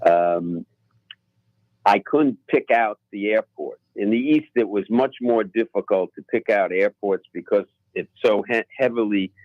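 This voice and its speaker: A man guest on a radio talk show, telling his flying stories in an unhurried, halting way. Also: on the low side, no room sound, narrow, tinny audio. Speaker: pilot guest. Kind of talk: casual radio interview storytelling. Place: radio studio.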